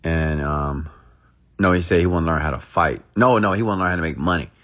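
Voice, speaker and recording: A man's voice: rumbling low, brisk, a bit bright. A man telling a motivational story in a rambling, emphatic, repetitive way. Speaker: motivational speaker.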